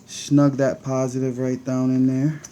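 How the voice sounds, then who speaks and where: A man's voice: medium pitch, completely flat delivery, measured pace, mellow, a little hiss or hum. A man with a Connecticut accent, casually talking viewers through a hands-on build as he works. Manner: chatty, talks to viewers while working. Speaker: vape channel host.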